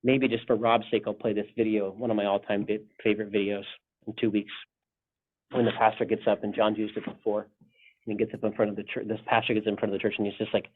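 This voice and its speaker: A man's voice: on the low side, flat delivery, fast talker. Male pastor leading a Bible study. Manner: casual, rambling, frequent restarts. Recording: tinny phone-like sound.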